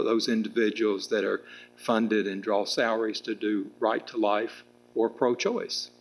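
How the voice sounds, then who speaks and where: A man's voice: on the low side, a little hiss or hum, poor audio. A middle-aged man answering at a public political debate, rambling with restarts and fillers. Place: public meeting room with audience.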